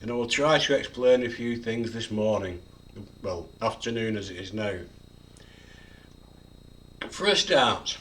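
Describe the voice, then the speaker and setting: A preacher in his seventies gives a devotional video talk on a psalm, repeating single words and stressing each one heavily. His medium-pitched voice is animated and measured with frequent pauses, recorded from a distance.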